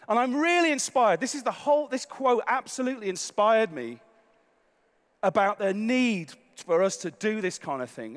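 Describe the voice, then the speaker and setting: Man, high voice, upbeat conference keynote, echoey hall. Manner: energetic and conversational, with asides. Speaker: conference speaker. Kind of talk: keynote talk on stage.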